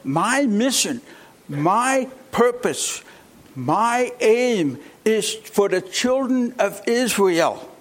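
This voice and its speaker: A man voicing a calm, firm teacher who states his mission plainly in a sermon. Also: sits high, very slow, exaggerated voice. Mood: matter-of-fact.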